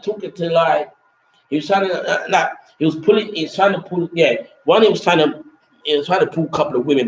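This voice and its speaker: Rambling man in a roomy room. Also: medium pitch. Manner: repetitive, restarts sentences often, casual swearing. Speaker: vlogger reviewing a trip. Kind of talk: rambling casual monologue. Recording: roomy, dull lo-fi sound with faint background noise.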